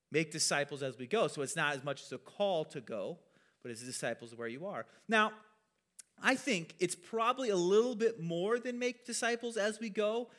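A male pastor delivers a relaxed teaching sermon, talking through scripture in a loose, conversational way and dropping self-deprecating asides. His voice sits a little high for a man.

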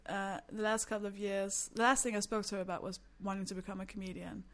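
A woman's voice: medium pitch, level tone, fast. A young adult woman from Denmark, a stand-up comedian chatting candidly and self-deprecatingly as a podcast guest. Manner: candid, self-deprecating storyteller who laughs often. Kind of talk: casual podcast chat.

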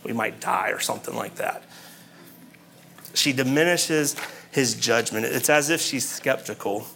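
A man's voice: medium pitch, a little slow, sharp tone, a little hiss or hum. A man preaching a sermon, talking conversationally and asking his listeners questions.

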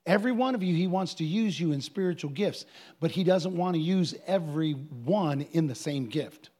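A high-voiced man preaching as a pastor, animated and lively. He answers questions from the congregation and acts out the people in his stories. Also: normal speed. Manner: animated preaching, with quoted voices and bursts of singing.

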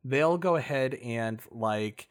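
A man's voice: medium pitch, lively intonation, slow pace, smooth. A man in casual podcast chat, explaining at length in a laid-back way, full of fillers. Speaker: podcast co-host.

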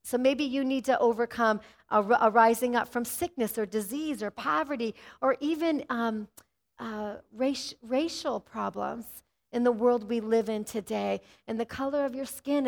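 A middle-aged woman pastor preaching an animated sermon and often calling out "amen". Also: fairly high pitch, moderate pace, gravelly.

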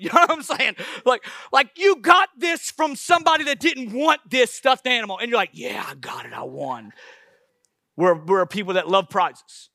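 A man preaching a sermon, swinging between loud bursts and hushed asides. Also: extremely high pitch, no echo, clean studio sound.

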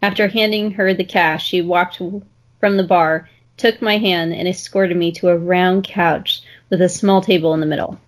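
A woman's voice: on the low side, moderate pace. Woman co-host reading a story. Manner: laughing, animated reactions. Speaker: podcast co-host.

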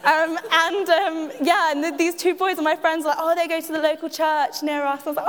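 Speaking briskly in an extremely high voice with little pitch movement, a woman gives her church testimony. The echoey hall carries her chatty, self-deprecating talk, full of laughs and audience asides.

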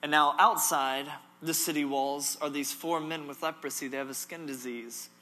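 A male preacher delivers a sermon in a bright, somewhat high voice. He hammers points home with repetition and humor, swinging from loud emphasis to hushed gravity. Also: steady tone, moderate pace.

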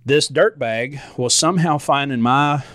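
A man's voice: medium pitch, measured pace, a bit bright, no room sound, studio quality. A man who drives a truck, telling stories from the road in a casual, rambling way with frequent restarts. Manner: conversational, frequent restarts and asides. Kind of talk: casual storytelling monologue.

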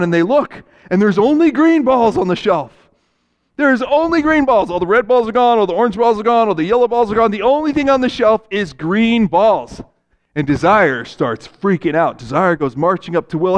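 A man's voice: sits high, animated, moderate pace, highs cut off. A male pastor preaching a sermon, telling a story and voicing its characters. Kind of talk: sermon with acted-out parable.

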